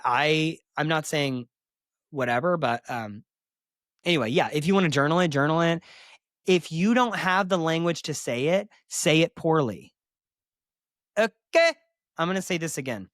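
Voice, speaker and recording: A man's voice: mid-range voice, a bit bright, no room sound, studio quality. A man hosting a solo podcast as a therapist, talking candidly and emphatically, with sassy asides.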